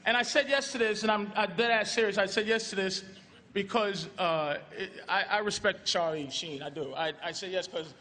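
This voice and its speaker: A man's voice: high voice, normal speed, sharp tone. A man giving a profane, stammering roast speech. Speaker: comedian at a roast. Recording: crowd in a reverberant hall.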